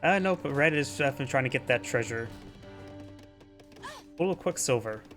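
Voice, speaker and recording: A man's voice: medium pitch, animated, brisk, fairly bright tone, soft background music. A man giving casual, chatty play-by-play commentary on a strategy game match. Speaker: game caster.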